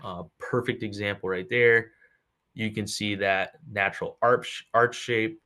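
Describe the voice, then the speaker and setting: Low-voiced man explaining insoles on a podcast. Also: fairly even intonation, measured pace, pushed and bright. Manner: explanatory, many "uh" and "um" fillers. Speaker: podcast co-host explaining products. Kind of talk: casual explanatory chat.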